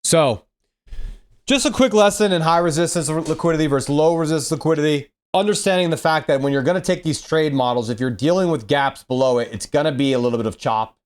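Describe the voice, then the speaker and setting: Laid-back young man streaming trading lessons. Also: mid-range voice. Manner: laid-back, slangy, says bro and dude. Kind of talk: casual live-stream teaching.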